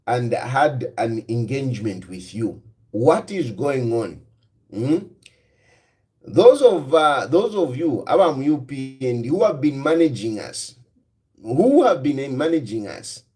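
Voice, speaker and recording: A man's voice: medium pitch, mellow. A man with a Zambian accent giving solo political commentary, who repeats rhetorical questions and switches into Bemba.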